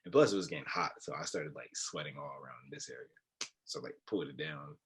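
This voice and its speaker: A young man co-hosting a podcast, telling stories in a low-key casual chat with a quiet voice. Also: fairly quick, background noise. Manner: low-key, storytelling with laughs. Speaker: podcast co-host.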